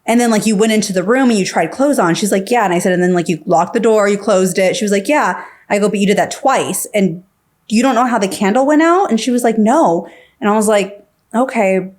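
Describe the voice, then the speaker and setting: Her voice mid-range with a darkish tone and a slightly quick pace, a woman shares her story on a podcast in a casual, filler-heavy way. She voices the dialogue of others as she tells it.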